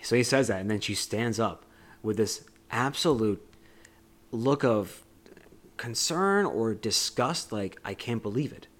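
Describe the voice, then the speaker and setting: A man's voice: on the low side, animated, takes it slowly, fairly bright tone. A man co-hosting a podcast, casually retelling a film scene with lots of "like" and "you know". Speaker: podcast co-host. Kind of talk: casual movie discussion.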